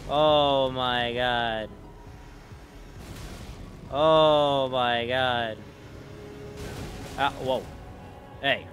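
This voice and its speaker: A man's voice: mid-range voice, extremely slow, pauses often, faint music behind. A man giving casual gameplay commentary, swearing and trash-talking the bosses. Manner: profane, excitable, trash-talks bosses. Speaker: gaming video creator.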